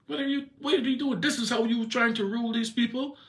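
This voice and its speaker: A man's voice: steady tone, quick pace. A man voicing a domineering queen who scolds and mocks her sulking husband. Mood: scornful. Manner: shrill, mocking, bossy.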